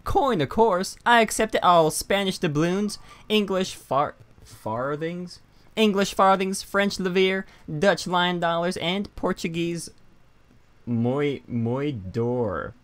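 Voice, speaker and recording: A man voicing a brassy, mysterious female pirate in a clumsy drawl that sounds more like a slow country speaker than a pirate. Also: sits high, lively intonation, fairly bright tone, voice pushed up, full character voice. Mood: greedy. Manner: clumsy drawl he calls a Western, Forrest Gump voice.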